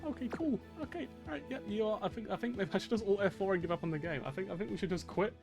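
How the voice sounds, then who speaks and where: A man's voice: sits high, racing. Foul-mouthed exasperated male streamer. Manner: swears a lot, loud exasperated outbursts. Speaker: game streamer. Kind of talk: casual live-stream commentary. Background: game music.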